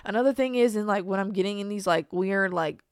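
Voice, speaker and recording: A young woman hosts her own podcast in a casual, confessional chat, rambling through fillers, restarts, and slang like "bro." Her medium-pitched voice moves a little fast and sounds clear and resonant. The recording is studio quality with no echo.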